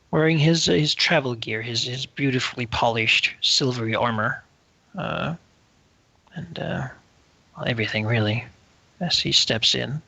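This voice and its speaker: A man's voice: mid-range voice, gravelly, pushed and bright, rough recording. A man narrating as game master of a tabletop role-play, hesitant and full of fillers.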